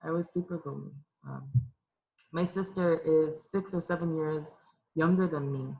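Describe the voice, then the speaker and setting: A woman's voice: low voice, steady tone, moderate pace, warm tone, poor audio. Tearful young woman giving a testimony. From Los Angeles, California. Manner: candid and emotional, with many fillers and restarts. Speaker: youth minister giving a testimony. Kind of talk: personal testimony talk. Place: church room with an audience.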